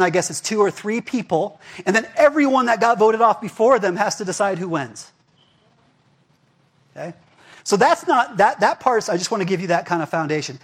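Husky-voiced male pastor, casual sermon. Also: high voice. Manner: chatty, asks the crowd "right?" and "okay?".

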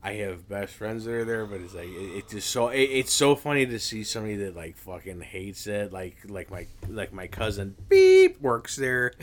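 A man's voice: lowish voice, big pitch swings, moderate pace, few pauses. A man, podcast co-host telling a rambling story in casual chat, stammering and swearing a lot.

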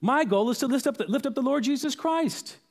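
A man's voice: extremely high pitch, lively intonation, fairly quick, voice pushed up, heavily acted. A man voicing the apostle Paul as a fervent, impassioned man ready to die for his faith. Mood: pleading, fervent. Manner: pleading, impassioned.

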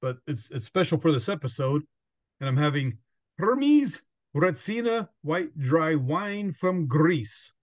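This podcast host's voice is fairly high, sing-song, and slow, recorded with no room sound. He rambles through a casual chat, laughing often and quoting himself and others.

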